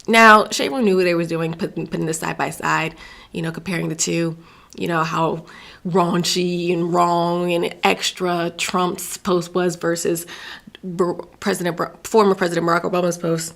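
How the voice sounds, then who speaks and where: A woman's voice: on the low side, little pitch movement, normal speed, creaky, fairly bright tone. A woman from Virginia hosting her own show, giving an emphatic opinion monologue and often stumbling over words and restarting. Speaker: show host.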